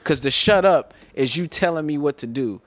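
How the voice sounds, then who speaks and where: Animated man in casual podcast banter. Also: a little high, moderate pace, no echo. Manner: animated, swears freely, builds hypotheticals. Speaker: podcast co-host. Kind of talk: casual chat.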